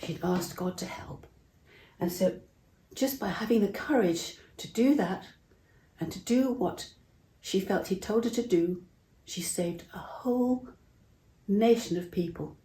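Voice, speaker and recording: Gentle woman telling Bible stories to kids. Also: mid-range voice, unhurried. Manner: gentle, asks the listener questions. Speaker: children's Bible storyteller. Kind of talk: storytelling to children. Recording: roomy echo.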